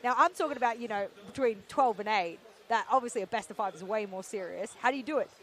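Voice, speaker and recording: A woman's voice: mid-range voice, fast. A woman hosting a live esports broadcast desk at an event venue, bantering playfully and animatedly.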